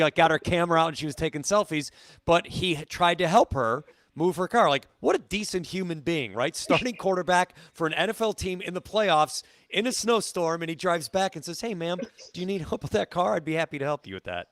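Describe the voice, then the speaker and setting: Chatty sports radio co-host, dry mic. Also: male voice, fairly high pitch, fairly bright tone, no room sound. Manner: chatty storyteller, laughs often. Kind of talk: casual sports talk.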